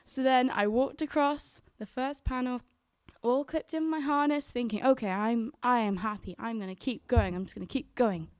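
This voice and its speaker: A woman's voice: a little high, moderate pace, darkish tone, clear, resonant tone, no echo, studio quality. A young woman telling a true story to a live audience, earnestly voicing her own thoughts. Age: young adult.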